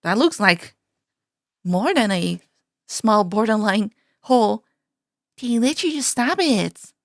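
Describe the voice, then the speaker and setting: A woman's voice: mid-range voice, expressive, a little slow, dry recording, clean studio sound. A woman streamer chatting casually as she reacts to a video, giggling, exclaiming and apologizing often.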